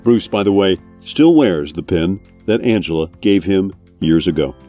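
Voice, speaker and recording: A man hosting a podcast, reading scripted narration in a calm, measured way. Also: deep voice, faint music behind. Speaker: podcast host.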